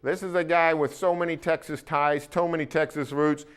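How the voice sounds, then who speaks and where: A man with an Oklahoma accent co-hosting a casual sports talk show, folksy and opinionated, with plenty of pauses. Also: on the high side, steady tone, clean tone. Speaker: sports columnist co-host.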